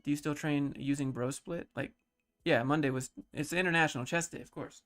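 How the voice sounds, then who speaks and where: A man in his thirties on a casual livestream, reading chat questions aloud and answering them in a low-key, mellow way. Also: fairly even intonation, fairly quick. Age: 30s.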